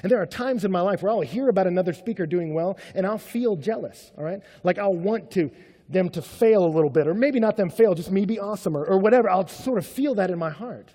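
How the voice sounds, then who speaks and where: A man preaching a sermon in a conversational way, swinging between loud and hushed. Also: sits high, animated, fast talker, husky. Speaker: pastor. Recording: long hall reverb.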